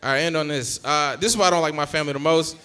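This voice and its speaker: Animated high-voiced stand-up comedian. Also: male voice, rapid-fire, smooth. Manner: animated storytelling, acting out family members. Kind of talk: stand-up set.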